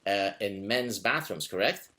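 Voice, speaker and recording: A man hosting a casual interview, talking in a measured, academic way with dry asides. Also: fairly low pitch, animated, bright, forceful tone. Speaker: host and researcher.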